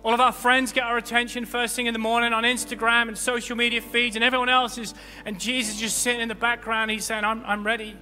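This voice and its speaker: High, bright-voiced impassioned preacher man. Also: level tone, fast, hardly any pauses. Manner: impassioned, swinging between loud peaks and low, quiet stretches. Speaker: pastor. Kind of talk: sermon. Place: church hall. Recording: long hall reverb with faint music.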